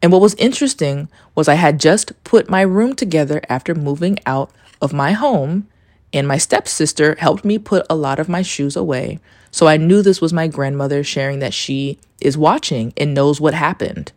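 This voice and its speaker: A woman's voice: sits low, normal speed, darkish tone, no echo, clean studio sound. A woman hosting a casual solo podcast, telling a story in a rambling way. She fills her talk with "like" and swears casually. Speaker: podcast host.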